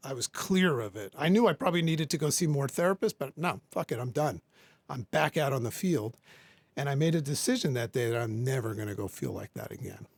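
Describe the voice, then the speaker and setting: A man's voice: medium pitch, very animated, fast, gravelly, no room sound. A man in his forties, a podcast guest, telling an intense personal story and acting out both sides of remembered conversations. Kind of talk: emotional storytelling.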